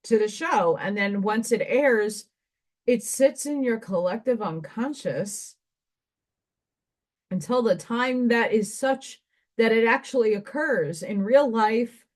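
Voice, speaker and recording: A woman's voice: on the high side, slow pace. A woman giving a spiritual card reader's monologue to her viewers, meandering and conversational and thinking aloud with asides.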